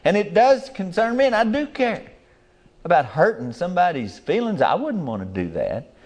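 A man's voice: high-pitched, very animated, moderate pace, a little mellow. An older man, preaching a sermon in a folksy, rambling way with rural grammar.

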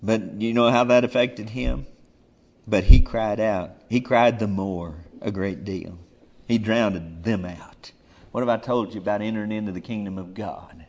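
Guy preaching a sermon, goes quiet then loud and urgent, really emphatic. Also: lowish voice, unhurried. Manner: emphatic, swings between soft murmurs and loud urgent calls.

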